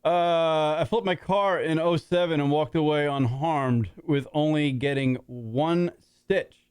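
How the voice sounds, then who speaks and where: A man's voice: fairly high pitch, a little slow, clean tone, dry recording. A middle-aged man hosting a talk radio show, rambling and swearing constantly with lots of fillers, in a studio. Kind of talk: casual talk radio banter.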